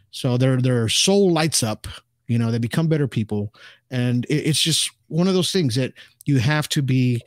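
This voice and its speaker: A man's voice: medium pitch, no room sound, clean studio sound. A man in a casual interview, talking in a rambling way with many restarts and fillers. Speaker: podcast guest, ufologist.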